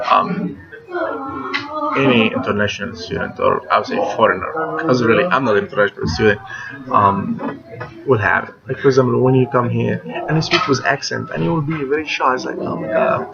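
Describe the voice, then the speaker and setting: A man's voice: medium pitch, creaky. A man in his thirties, a non-native English speaker, talking casually in an interview and acting out quoted voices as he tells stories. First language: not English. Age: 30s. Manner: animated storyteller, acts out quoted voices. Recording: lo-fi recording with crowd noise behind.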